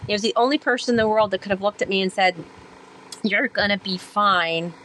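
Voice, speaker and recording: A woman guest on a podcast who is a sailor and author, telling her experiences in an animated, rambling way with many fillers and acted-out quotes. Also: mid-range voice, rapid-fire, slight background noise, rough recording. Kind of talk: conversational storytelling interview.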